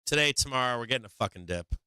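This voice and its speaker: A man's voice: mid-range voice, lively intonation, racing, pushed and bright, clean tone, dry recording. A man hosting a stock market livestream, chatting casually and profanely with his viewers in a rambling way.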